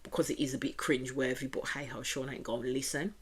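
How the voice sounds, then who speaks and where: A woman's voice: a bass voice, steady tone, quick pace, slightly rough. A woman with a Birmingham accent giving a chatty, opinionated reaction review of a reality show, often repeating stock phrases.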